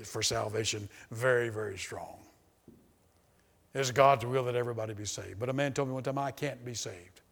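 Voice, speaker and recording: A man preaching to a congregation with a steady mid-range voice, hammering points through repetition and dropping to hushed, earnest asides. His voice rings out in a hall with a long echo trailing behind it. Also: medium pitch. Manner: emphatic, repetitive, shifts between loud and hushed. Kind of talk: sermon.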